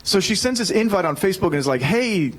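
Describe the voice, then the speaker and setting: A man in his thirties preaching with lively, storytelling energy. His voice sits a little higher than most men's, and he jokes with the congregation as he goes. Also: very fast. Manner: energetic storytelling, animated and joking. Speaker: pastor. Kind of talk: sermon.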